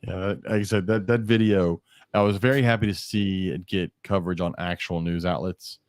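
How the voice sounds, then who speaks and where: A man's voice: sits low, steady tone, normal speed, no echo, clean studio sound. A man hosting a podcast, chatting in a laid-back, joking way and swearing casually. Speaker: podcast host.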